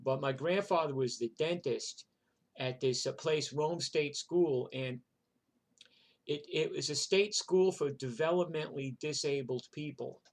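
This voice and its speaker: A man's voice: fairly high pitch, measured pace. A man tells his life story in a rambling, profane way, full of "like" and "you know". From New York. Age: 60s. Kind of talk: casual spoken memoir.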